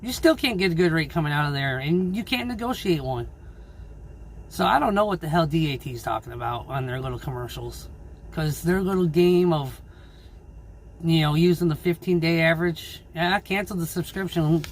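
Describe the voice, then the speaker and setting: Angry swearing trucker ranting. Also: male voice, on the high side, fairly quick, slight background noise. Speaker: owner-operator truck driver. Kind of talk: casual vlog rant. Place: in his truck.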